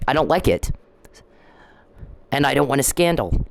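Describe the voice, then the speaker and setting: A woman's voice: a bass voice, sing-song, moderate pace, vocal fry, no echo, rough recording. A middle-aged woman in a ranting vlog monologue, confrontational and repetitive, scolding someone directly. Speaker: vlogger.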